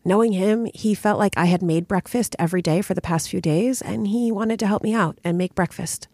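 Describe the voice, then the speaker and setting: A middle-aged woman hosting a podcast, telling a personal story in a candid, expressive way, her voice a little worn from a recent cold. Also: mid-range voice, a little fast, no echo. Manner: candid and expressive, frequent "like" and "right?". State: recovering from a cold. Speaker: podcast host.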